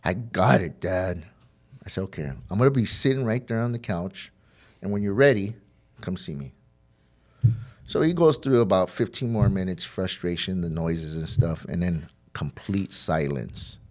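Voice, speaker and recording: A man with a low, moderately paced, darkish voice appears as a podcast guest telling his recovery story. He talks candidly, full of fillers and restarts, acting out the dialogue as he goes, in heartfelt personal storytelling.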